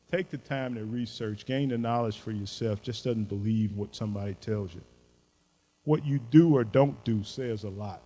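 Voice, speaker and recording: A man's voice: on the low side, moderate pace, dark tone, low-quality recording. An older man giving a motivational keynote speech in a folksy, emphatic way, driving home short maxims. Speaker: keynote speaker.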